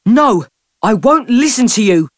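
A woman's voice: mid-range voice, very animated, slow pace, husky, no echo, clean studio sound, pitched above the performer's own voice, exaggerated voice. A woman voicing an upset schoolboy who insists he is telling the truth, in a storybook reading. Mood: shouting. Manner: shouting, defensive. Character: upset schoolboy Harry, tired and defensive.

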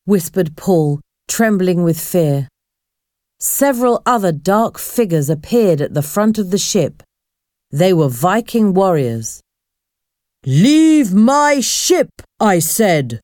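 A woman narrating a storybook in a clear, expressive reading voice. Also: fairly low pitch, slow pace, dry recording, clean studio sound.

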